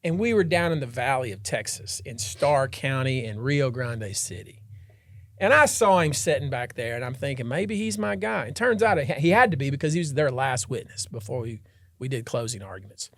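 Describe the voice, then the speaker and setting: A man hosting a podcast, a trial lawyer telling a story in an animated, dramatic way and acting out the scenes. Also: mid-range voice, a little fast, no echo. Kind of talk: casual storytelling chat.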